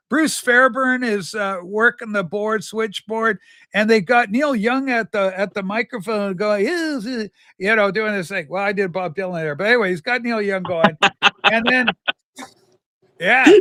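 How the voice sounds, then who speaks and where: A man's voice: high voice, pushed and bright, dry recording, studio quality. A man hosting a livestream in a campy, rambling chat, telling stories in a flamboyant persona. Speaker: livestream host. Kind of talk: casual chat.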